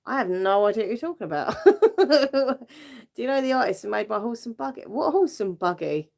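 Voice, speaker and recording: A woman's voice: on the high side, expressive, normal speed, vocal fry, a little mellow. A British woman hosting a casual livestream, chatting with viewers in a giggly way and using lots of fillers. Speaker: livestream host. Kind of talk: casual live chat with viewers.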